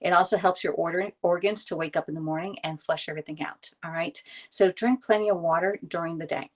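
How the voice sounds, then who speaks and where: A woman, chatting through a live cooking stream in her home kitchen. Her voice sits a little low for a woman. She greets viewers by name and tags her steps with "okay?" and "all right?", all picked up by her phone. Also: fairly even intonation, quick pace. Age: 50s. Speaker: live-stream host demonstrating recipes. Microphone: phone camera on a stand.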